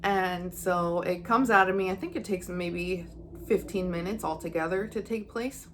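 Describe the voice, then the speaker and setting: A woman's voice: lowish voice, normal speed, a little hiss or hum. A young woman, a psychic medium, earnestly telling a personal story to her viewers and acting out her own thoughts with feeling. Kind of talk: casual personal storytelling to camera.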